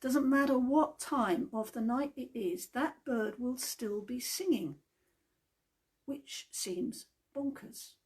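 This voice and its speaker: Woman, devotional talk, chatty storytelling, slow, husky, gravelly. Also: fairly high pitch, a little mellow.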